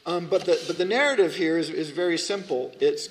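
A man's voice: on the high side, a little fast. Rambling male lecturer in a reverberant hall. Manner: rambling, conversational, frequent restarts and fillers. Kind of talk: classroom lecture. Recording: hall reverb, faint background noise.

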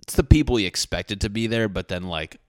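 A man's voice: lowish voice, a little fast, dry recording, clean studio sound. A man in his thirties hosting a solo podcast from his apartment, rambling, swearing and mocking himself as he jumps between topics. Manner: rambling, profane, self-mocking. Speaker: podcast host.

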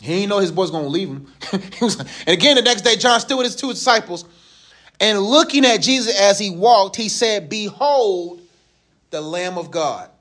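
A man's voice: high-pitched, lively intonation, moderate pace, fairly bright tone. A man in his thirties giving a casual, joking Bible lesson to a youth group. He uses slang and asks the group questions.

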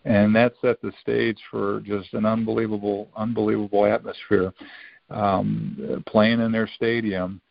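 Gravelly low-voiced man telling stories. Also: little pitch movement, unhurried, no echo. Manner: rambling, full of restarts and quoted dialogue. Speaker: podcast guest, former college football player. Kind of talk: casual storytelling. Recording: dull, lo-fi sound.

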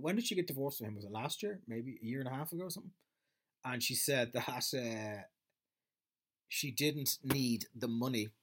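A man riffing through a comedic monologue, swearing freely and wandering off on tangents. His voice sits at an ordinary middle pitch. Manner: profane, rambling storyteller.

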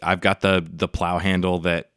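A man with a very deep, smooth and resonant voice calmly declares his character's moves in a tabletop game. The sound is dry and close. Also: moderate pace, no room sound. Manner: steady, matter-of-fact declarations of actions. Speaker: player.

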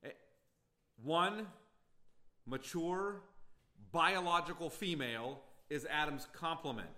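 A pastor preaching an expository sermon, emphatic and repeating phrases for stress. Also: male voice, fairly high pitch, pushed and bright. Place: church sanctuary.

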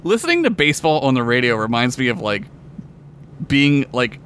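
A man's voice: mid-range voice, sing-song, normal speed, fairly bright tone, slight background noise. A man in casual recap chat who laughs often, swears, and fills his talk with "like". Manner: laughs often, heavy use of filler words, profane. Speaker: podcast co-host.

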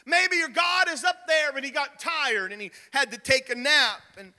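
High bright-voiced young male preacher. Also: moderate pace, in a large hall. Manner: animated, storytelling preaching with shouted peaks and sudden drops. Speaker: pastor. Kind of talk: sermon.

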